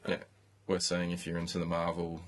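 A man's voice: low voice, monotone, fairly quick, slight background noise. An Australian man hosting a podcast, chatting casually about football, rambling with restarts and the odd swear. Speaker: podcast host. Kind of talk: casual chat.

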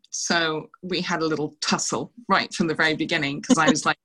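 A middle-aged woman recounts her days as a dancer, slipping into other people's lines as she tells each story. Her voice sits a little low, yet it comes across crisp and bright. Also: brisk, hardly any pauses, poor audio. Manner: animated anecdotes, quoting others with laughs. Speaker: interview guest, former showgirl dancer. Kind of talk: casual storytelling interview.

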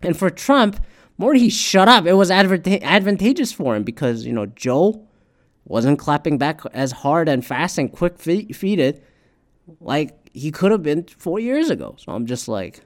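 A man giving a casual, profane political rant, with animated delivery and quotes acted out in shifting voices. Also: a little high, measured pace. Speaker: commentator.

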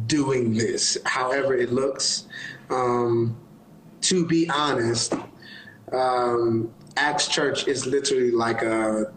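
A man's voice: medium pitch, roomy sound, slight background noise, poor audio. A man, a gospel singer, talking as a guest on a phone live-stream interview, giving earnest, encouraging, sermon-like advice. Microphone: phone on a live video call.

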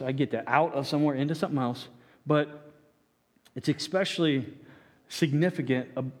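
A man preaching a sermon with earnest, stammering restarts, acting out the quoted lines. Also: high-pitched. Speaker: pastor. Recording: echoey hall reverb.

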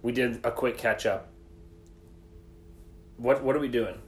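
Man, podcast co-host, casual chat, excitable, laughs easily, medium pitch. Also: a little slow.

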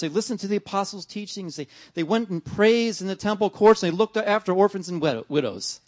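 A man's voice: sits high, expressive, fast talker, few pauses, no room sound, clean studio sound. A middle-aged male pastor giving a conversational sermon, often acting out his talks with God. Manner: conversational preaching with many "right?" and "man"; acts out dialogues with God.

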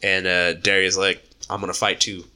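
A man with a lower voice and a very bright, forward tone, chatting casually about a book. He retells scenes with energy, jumps into the characters' lines, and laughs and swears as he goes. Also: flat delivery, a little fast.

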